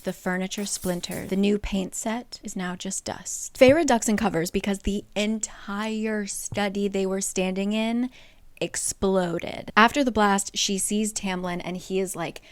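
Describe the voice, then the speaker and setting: A woman's voice: medium pitch, steady tone, unhurried, clear, resonant tone, no room sound. A young woman casually retelling a book plot, chatty and full of fillers. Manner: chatty, lots of fillers like "like" and "basically". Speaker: book summarizer.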